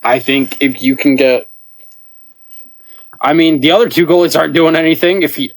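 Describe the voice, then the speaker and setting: A man co-hosting a podcast, giving a halting opinion about hockey. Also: fairly high pitch. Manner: halting, slow. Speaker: podcast co-host. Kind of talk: casual sports chat.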